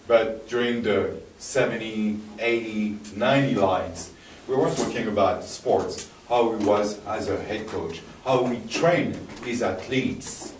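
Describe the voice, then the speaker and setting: A man's voice: on the low side, a little hiss or hum. A man with a French accent giving a live talk, telling a personal story with many restarts and fillers, recorded in a library hall. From France. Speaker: presenter. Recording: echoey hall from far off, faint ambience.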